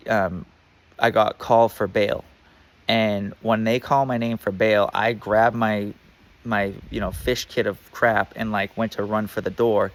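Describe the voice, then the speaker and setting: A man telling a personal story in a casual, rambling way, full of fillers and swearing. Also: on the low side.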